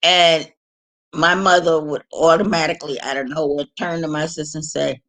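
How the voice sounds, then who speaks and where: A woman's voice: deep voice, fairly even intonation, moderate pace, fairly bright tone. A woman vlogger telling casual stories in a frank, rambling way, laughing and restarting as she goes. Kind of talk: casual storytelling.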